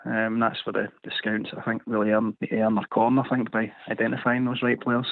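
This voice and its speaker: A man calling in to a radio show, speaking in a measured way with many fillers. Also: on the low side, completely flat delivery, creaky, no room sound. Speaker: caller. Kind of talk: casual phone-in opinion. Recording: tinny dry phone line.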